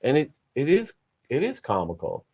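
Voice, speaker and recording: A man's voice: mid-range voice, huge pitch swings, normal speed, creaky, darkish tone, breathy edge. A man co-hosting a casual interview, prompting the guests conversationally. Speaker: co-host.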